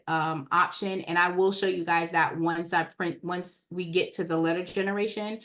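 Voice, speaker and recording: A woman giving a casual, chatty walkthrough of credit repair software on a screen share, talking straight to her viewers. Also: on the low side. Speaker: software trainer.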